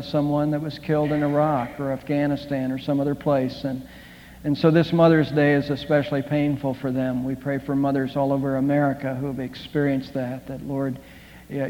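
A man preaching a sermon as the pastor, praying earnestly and telling a story, often halting and restarting his words. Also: mid-range voice, slight background noise. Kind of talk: sermon with prayer. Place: church sanctuary. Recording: dull sound in a reverberant hall.

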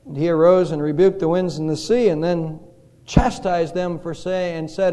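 A male pastor preaching a sermon in a church, telling stories slowly and dramatically with pauses. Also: on the high side, fairly even intonation, dark tone. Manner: slow, dramatic storytelling with pauses. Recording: reverberant hall.

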